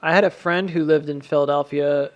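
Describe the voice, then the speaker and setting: A man's voice: fairly high pitch, fairly even intonation, a little fast, dull audio. An American man hosting a live stream from home, chatting casually, rambling and laughing often at his own jokes.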